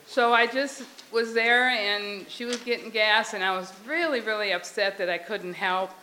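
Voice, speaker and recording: A woman sharing a memory at a memorial, telling her story with animated, laughing dialogue. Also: medium pitch, moderate pace, hardly any pauses, a little hiss or hum, low-quality recording. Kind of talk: storytelling testimony.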